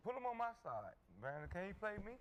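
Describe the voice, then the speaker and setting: Male podcast guest, very animated pitch, defensive quips, faint room noise. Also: dull audio. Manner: defensive, quick comebacks. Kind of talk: casual couch podcast banter.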